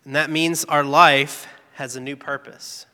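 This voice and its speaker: A man's voice: a little high, steady tone, measured pace, bright, forceful tone, clear, resonant tone. A man giving an earnest, candid devotional testimony, telling a personal story about his work. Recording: long reverb, echoey hall.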